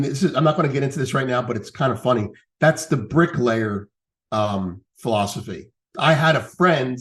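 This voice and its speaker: A man guest on a podcast, telling a rambling story in casual chat, swearing now and then. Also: medium pitch.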